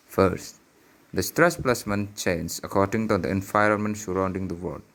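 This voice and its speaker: A young man student reading his part of a class presentation, steady, in short phrases. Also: lowish voice, vocal fry. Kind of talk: read presentation.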